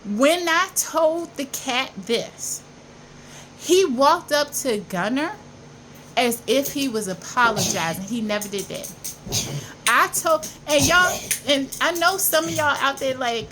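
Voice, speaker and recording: High-voiced woman telling a story emphatically. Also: expressive, measured pace, bright, forceful tone, a little hiss or hum, poor audio. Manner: emphatic and repetitive, insisting she is not lying. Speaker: vlogger. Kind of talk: casual storytelling to camera.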